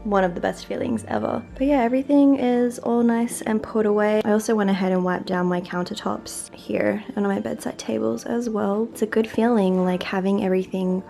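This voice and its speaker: Chatty Australian woman with a gravelly edge. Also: mid-range voice, brisk, few pauses, dark tone, soft background music. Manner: chatty, lots of "like" fillers. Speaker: lifestyle vlogger. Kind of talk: casual vlog narration to camera. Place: at home.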